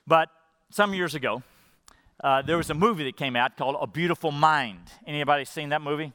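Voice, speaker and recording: A middle-aged man preaching a sermon as pastor, earnest and heartfelt, often dropping to a soft, quiet voice when moved. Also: on the high side, brisk, long reverb tail.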